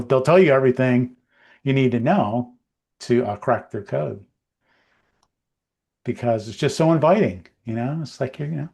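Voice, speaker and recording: A man's voice: medium pitch, darkish tone. A man co-hosting a livestream podcast, chatting casually and rambling with many fillers and restarts. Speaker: co-host.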